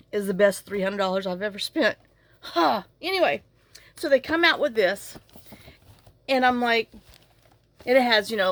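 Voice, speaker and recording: A woman's voice: medium pitch, a bit bright, no echo. Woman vlogger, casual to-camera talk, tearful, rambling with many restarts. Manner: rambling, trailing off and restarting often. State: tearful, fighting back crying. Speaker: journaling channel vlogger. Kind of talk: casual to-camera vlog chat.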